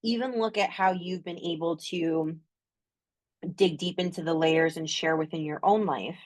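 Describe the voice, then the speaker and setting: Chatty Canadian woman, low voice. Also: steady tone, moderate pace, no echo. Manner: chatty and enthusiastic, peppered with "like". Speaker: astrologer guest. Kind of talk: casual podcast conversation.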